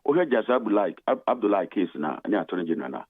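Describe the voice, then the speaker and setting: A Ghanaian man calling in to a radio talk show, speaking in a measured, hesitant way with many drawn-out fillers. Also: lowish voice, animated, husky. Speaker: studio guest on the phone. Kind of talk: radio talk-show discussion mixing Twi and English. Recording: tinny phone line.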